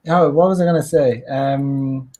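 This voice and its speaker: A man's voice: medium pitch, fairly even intonation, measured pace, a little mellow. A man appearing as a guest on a podcast, talking loosely in a rambling way and laughing often. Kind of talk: casual podcast chat.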